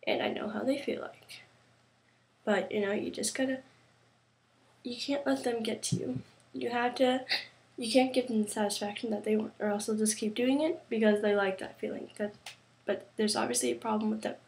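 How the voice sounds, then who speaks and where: Rambling teen girl vlogger, creaky voice. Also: fairly high pitch, fairly even intonation, darkish tone. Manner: rambling, halting, many fillers and restarts. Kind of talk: casual talk to camera.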